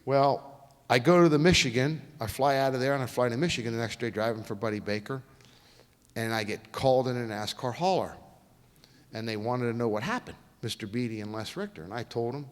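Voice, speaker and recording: A man speaking as a guest lecturer, telling racing stories in a folksy, animated way and acting out the quotes in a lecture hall. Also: medium pitch, a little fast. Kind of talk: storytelling lecture.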